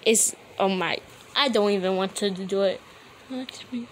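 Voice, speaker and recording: A woman in the middle of her range talks slowly and deliberately as she comments on a clip. She sounds exasperated and emphatic, answering the screen directly. Faint noise sits behind her voice. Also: mid-range voice. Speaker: reaction video host. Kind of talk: casual reaction commentary.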